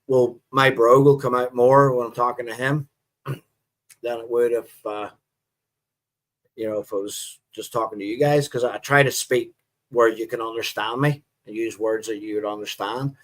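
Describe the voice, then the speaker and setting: A man's voice: medium pitch, normal speed. Chatty Northern Irish man, middle-aged. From Northern Ireland. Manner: relaxed, rambling, chatty with viewers. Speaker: livestream host. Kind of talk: casual live-stream chat.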